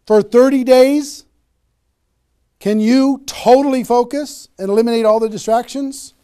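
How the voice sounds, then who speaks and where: A man's voice: extremely high pitch, steady tone, measured pace, mellow, smooth. A man giving a motivational sales training talk, emphatic and repetitive, often checking in with "okay?". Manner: emphatic, repeats key phrases, frequent "okay?" check-ins. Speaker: network marketing trainer.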